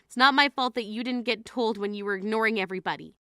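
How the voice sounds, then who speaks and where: A woman's voice: a little high, fast talker, bright, forceful tone, dry recording, clean studio sound. A woman voicing a grieving adult sister who scolds her sibling in an exasperated, indignant way, in a dramatized text-message story. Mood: stern.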